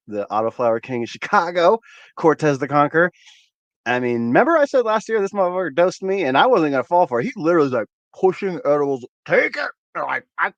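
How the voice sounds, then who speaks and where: In lo-fi sound with no echo, a man with a mid-range voice hosts a cannabis livestream. He chats easily with viewers in a rambling way, repeating words often and swearing freely.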